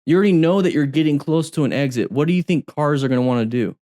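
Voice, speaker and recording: A man's voice: fairly high pitch, fast talker, noisy background. A man who teaches motorcycle riding, commenting over road videos in a chatty way and repeating phrases for emphasis.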